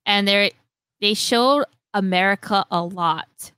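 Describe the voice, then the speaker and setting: A woman's voice: medium pitch, takes it slowly, sharp tone, clear, resonant tone, no room sound. A woman in casual chat as a podcast co-host, animatedly retelling a story and acting out the lines people say.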